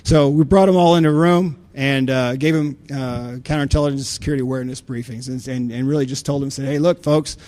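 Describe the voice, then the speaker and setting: A man's voice: medium pitch, fairly even intonation, quick pace, hardly any pauses, a little mellow. A man giving a conference talk, telling blunt, folksy stories with many restarts and fillers. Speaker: conference speaker on insider threats.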